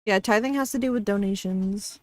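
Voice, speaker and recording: A woman streamer chatting casually, laid-back and quick to laugh, with some swearing. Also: medium pitch, no echo. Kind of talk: casual chat on her stream.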